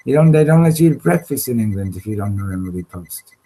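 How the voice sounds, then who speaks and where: A man leading an informal Torah class, halting and restarting often, slipping Hebrew terms into his English. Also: lowish voice, animated, a crowd in the background, rough recording. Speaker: Torah teacher. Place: study hall classroom.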